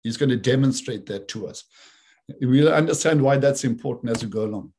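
A man's voice: medium pitch, fairly quick, warm tone. A man presenting a talk, explaining rhythm and imitating beats with sung syllables. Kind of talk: talk with played video clips.

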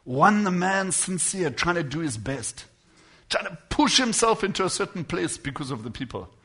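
A man preaches to his congregation in an expressive voice that sits high. He trades quiet passages for loud ones and draws out words slowly to stress them.

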